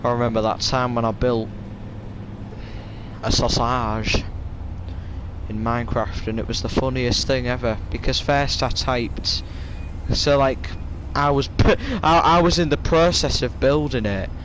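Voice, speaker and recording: A man's voice: mid-range voice, normal speed, background noise. A young man with a Yorkshire accent chatting casually on a game live stream, rambling through stories in a stop-start way.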